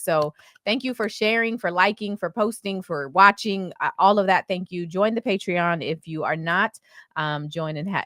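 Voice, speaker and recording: A woman's voice: mid-range voice, bright, forceful tone, dry recording, studio quality. A woman hosting a casual podcast, talking through a legal case in impassioned, indignant bursts. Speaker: podcast host.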